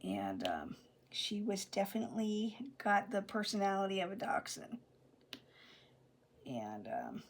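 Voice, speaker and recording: A middle-aged woman, chatting casually while she crafts. She rambles with many restarts and drops into soft whispered asides. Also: mid-range voice, sing-song, a little slow, a little hiss or hum. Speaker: crafting vlogger.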